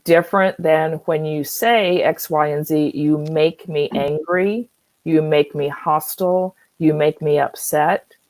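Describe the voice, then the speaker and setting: A calm, measured woman leads a live online wellness session, with a low voice that sits well below most women's. She is recorded dry and close, with no room sound around her, and gently acts out sample phrases as she coaches. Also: no room sound, poor audio. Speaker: wellness workshop host. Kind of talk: live online workshop talk.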